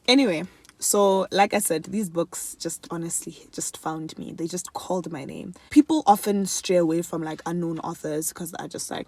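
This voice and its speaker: A young woman chatting casually to camera in a favourites vlog, animated and laughing often, switching between English and another language mid-sentence. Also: lowish voice, normal speed. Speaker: beauty and lifestyle vlogger. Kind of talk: casual chat.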